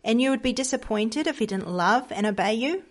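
A woman voicing an earnest, pious woman in a storybook who gently reproaches a stranger. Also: on the high side, expressive, brisk. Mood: coaxing.

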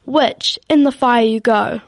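A woman voicing a stern male Viking king who proclaims loudly in a storybook reading. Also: fairly high pitch, measured pace, heavy background noise. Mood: commanding.

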